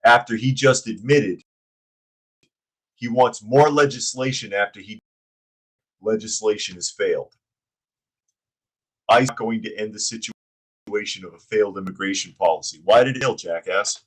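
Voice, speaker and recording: A man's voice: on the low side, normal speed, long pauses, slightly rough, low-quality recording. A man hosting a news opinion show who talks in a sarcastic, blunt way and reads out viewers' chat comments.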